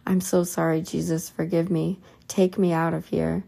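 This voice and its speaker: A damned man pleads desperately for release, as a woman reader voices him plainly. The delivery is low and even, with a dark, gravelly tone. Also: moderate pace. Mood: pleading. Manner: begging, desperate pleas.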